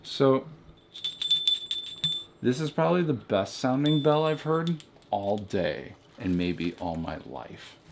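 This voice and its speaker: Young man mock-reviewing ornaments, lively pitch. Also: a little hiss or hum. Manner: mock-serious, rambling asides. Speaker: comedy vlogger. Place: home beside a Christmas tree. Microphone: camera held by a friend.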